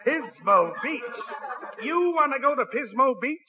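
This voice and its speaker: An actor playing a pushy, fast-talking male travel agent in a 1940s radio comedy sketch. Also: very high voice, expressive. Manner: pushy, salesman patter. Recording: tinny old radio broadcast recording.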